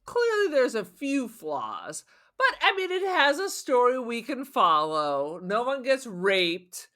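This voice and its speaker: A woman's voice: a little high, wildly swooping pitch, slow, sharp tone. A woman co-hosting a podcast, giving her take on a film in a blunt, salty, often laughing casual chat. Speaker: podcast co-host.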